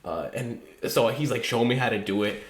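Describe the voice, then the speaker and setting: A young man chatting on a podcast, a rambling storyteller who swears freely and laughs through his own stories. His voice sits at an ordinary middle pitch. The room around him is audibly echoey. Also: a little fast. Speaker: podcast co-host. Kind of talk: casual chat. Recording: roomy echo.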